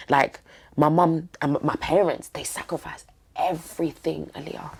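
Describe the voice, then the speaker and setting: Young woman, low voice with lots of fry, talking straight from the heart, bit of slang. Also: steady tone, moderate pace. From East London. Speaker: podcast guest. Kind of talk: candid interview talk.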